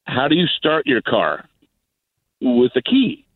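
A man's voice: mid-range voice, huge pitch swings, breathy edge, dry recording. Rambling male caller on a phone line. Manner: rambling, halting. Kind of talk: telling an anecdote.

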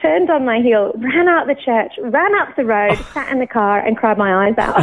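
A woman from England, telling her personal faith testimony in an animated way, laughing often and acting out her own thoughts. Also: fairly high pitch, moderate pace, hardly any pauses. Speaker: churchgoer sharing her testimony. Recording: tinny phone-like sound.

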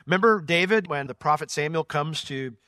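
Bright, emphatic male Bible teacher. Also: fairly high pitch, a little fast, no room sound, studio quality. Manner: conversational, emphatic, explains word meanings.

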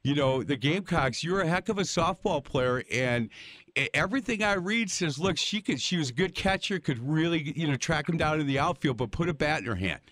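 A man's voice: a little high, animated, a little fast, fairly bright tone, no echo. An older man hosting an interview, telling folksy, rambling anecdotes in a chatty way. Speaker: host. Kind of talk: interview with animated storytelling.

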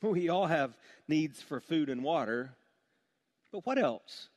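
Guy preaching a sermon, fairly high voice, gets intense then goes real quiet. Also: lively intonation, slow pace. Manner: impassioned, drops to a hush on heavy points. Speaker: pastor.

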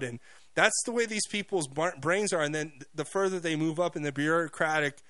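Mocking talk-radio host, dry studio sound. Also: male voice, a little high, sharp tone, no room sound. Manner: fast, mocking, repeats himself. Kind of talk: opinionated talk radio monologue.

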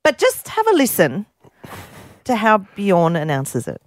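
A woman's voice: medium pitch, wildly swooping pitch, a little slow, dry recording, clean studio sound. Playful woman radio co-host. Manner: playful, teasing, laughs often. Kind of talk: casual radio banter. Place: radio studio.

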